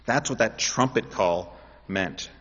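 Impassioned preacher in a reverberant hall. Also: male voice, on the low side, slow, breathy edge. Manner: animated, rising to loud impassioned pleas. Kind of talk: sermon. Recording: dull audio in a reverberant hall.

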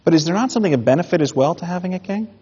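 A man preaching a sermon in an animated way, with mock-indignant asides. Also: high voice, very fast, husky. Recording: dull sound in a reverberant hall.

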